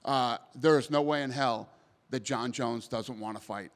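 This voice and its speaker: A man with a medium-pitched voice speaks at a moderate pace, answering reporters bluntly and emphatically and swearing casually. He's a promotion CEO at a media scrum in a post-event press area, recorded with long hall reverb.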